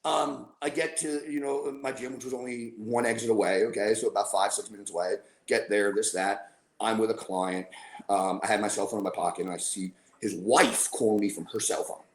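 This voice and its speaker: A man's voice: fairly low pitch, steady tone, brisk. A man, a podcast guest, casually telling a long story, rambling with fillers and acting out what people said. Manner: rambling, with fillers and acted-out quotes. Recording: roomy, echoey room.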